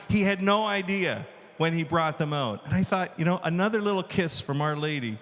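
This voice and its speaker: A man, a filmmaker, telling animated stories to an audience and acting out the dialogue. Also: fairly high pitch, moderate pace, long reverb tail. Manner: enthusiastic, acts out dialogue. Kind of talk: animated storytelling talk.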